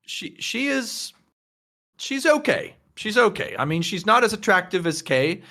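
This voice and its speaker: A man's voice: high-pitched, sing-song, measured pace, pushed and bright, pitched above the performer's own voice, heavily acted. Man doing a stoned, leering noble gossip. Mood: gossipy. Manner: drawling, flirtatious, rambling. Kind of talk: tabletop character voice.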